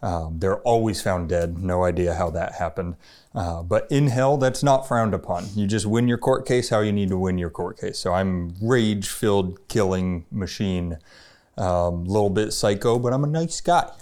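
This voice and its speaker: A man playing a tabletop game, introducing his character in a relaxed, joking way. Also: deep voice, moderate pace. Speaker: player.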